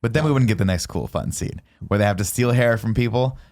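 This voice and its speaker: A man's voice: on the low side, fast talker, a little mellow. A man co-hosting a casual movie review podcast, recapping the plot and acting out characters in jokey voices. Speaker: podcast co-host.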